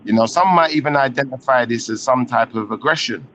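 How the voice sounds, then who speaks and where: A man calmly arguing a point as a guest in a live-stream debate. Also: mid-range voice, slight background noise. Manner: measured, insists on talking freely. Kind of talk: calm argument on a live stream. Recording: dull lo-fi call audio.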